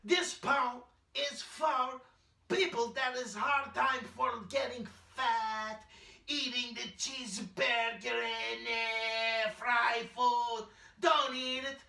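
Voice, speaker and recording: A man playing an eccentric immigrant male poet who speaks broken English and declaims loudly. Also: extremely high pitch, fairly even intonation, slow pace, creaky, echoey room, far from the mic, full character voice. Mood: ranting. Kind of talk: comedy character monologue.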